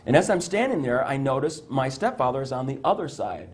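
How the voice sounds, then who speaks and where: A middle-aged man, a psychiatrist, telling a personal story in an interview, animated and stumbling over restarts, acting out the lines he quotes. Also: medium pitch, fairly quick. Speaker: psychiatrist guest.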